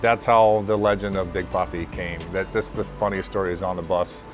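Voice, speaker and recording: Low voice dude, casual funny memory, music playing. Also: male voice, fairly even intonation, normal speed. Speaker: former teammate. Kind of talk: anecdote in interview.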